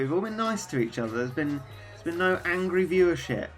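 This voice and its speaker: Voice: mid-range voice, lively intonation, fast, a bit bright, soft background music. A streamer chatting casually and rambling while playing a game and reading chat aloud.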